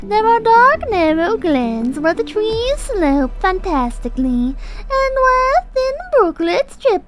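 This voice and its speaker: Woman faking a posh British storybook reader, theatrical, high and swooping. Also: big pitch swings, exaggerated voice. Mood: ominous. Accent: put-on posh British. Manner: slow, grand and theatrical. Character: posh British woman reading a horror tale. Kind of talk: dramatic storybook narration. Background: background music.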